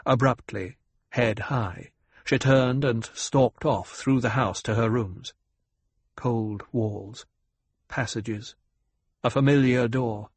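A man narrating an audiobook in a steady, even storytelling manner. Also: mid-range voice, slow, slightly rough, dry recording. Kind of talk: scripted narration.

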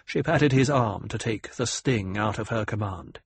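A man narrating an audiobook in a steady, even storytelling manner. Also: lowish voice, a little slow, slightly rough, no echo. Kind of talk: scripted narration.

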